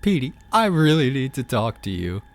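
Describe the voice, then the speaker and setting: A man's voice: mid-range voice, big pitch swings, normal speed. A man voicing a needy, flamboyant male warlord who pleads insistently. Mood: pleading.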